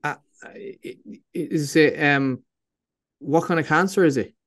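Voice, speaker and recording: A man's voice: fairly high pitch, measured pace, a bit bright. Man asking brief interview questions. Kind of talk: casual interview.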